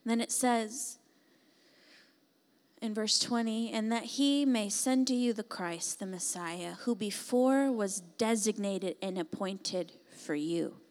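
A woman preacher delivering a sermon with a mid-range voice. She swings between fervent, raised passages and hushed, pleading invitations to her listeners. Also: medium pitch, takes it slowly. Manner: builds to impassioned shouting, then drops to soft pleading. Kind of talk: sermon with altar call.

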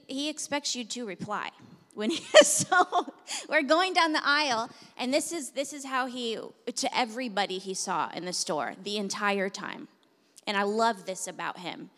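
Young woman pastor preaching, kinda high voice, lively storytelling, echoey church hall. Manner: animated storytelling, laughing at times, then prayer. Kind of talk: sermon. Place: church sanctuary.

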